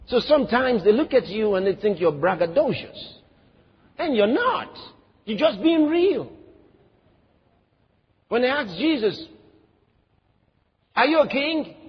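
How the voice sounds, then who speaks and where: A man's voice: high-pitched, very animated, unhurried, long pauses, slightly rough. A man preaching a sermon as a pastor, asking the listeners questions and acting out the words of others. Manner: emphatic preaching with rhetorical questions and quoted voices. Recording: reverberant hall, dull lo-fi sound.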